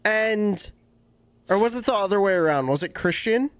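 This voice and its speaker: A woman co-hosting a podcast, recapping events in an unhurried, casual way with some swearing. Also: mid-range voice, lively intonation, dry recording. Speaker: podcast co-host.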